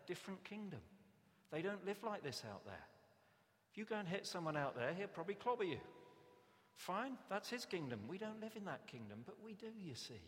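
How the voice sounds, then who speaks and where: Lively preacher in a reverberant church. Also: male voice, on the high side. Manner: conversational, animated, acts out quoted voices. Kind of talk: sermon. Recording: long reverb of a church hall.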